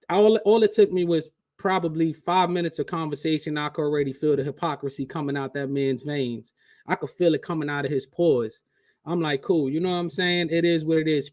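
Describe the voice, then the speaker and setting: Casual streamer, a man with a higher voice, loose and slangy, dry close sound. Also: a little mellow, no room sound. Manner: slangy, talks straight to chat. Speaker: channel host. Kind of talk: casual live reaction stream.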